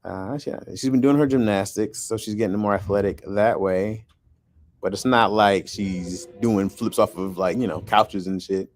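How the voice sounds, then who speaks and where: A man's voice: lowish voice, moderate pace. A man chatting casually on a podcast, rambling and joking as he tells stories. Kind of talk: casual chat.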